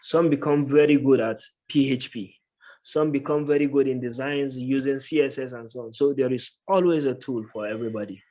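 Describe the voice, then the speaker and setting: A man of medium pitch speaks as an interview guest over a call mic. He talks in a thoughtful, unhurried way and fills his pauses with "uh" as he builds each point. His tone stays conversational and steady. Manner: thoughtful, many filler pauses. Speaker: guest, tech professional. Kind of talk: casual interview answers.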